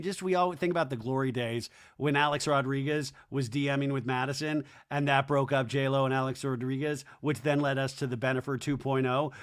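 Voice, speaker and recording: A podcast host with a mid-range voice recaps a reality TV episode as comedy, delivering sarcastic, animated commentary and doing voices when he quotes people.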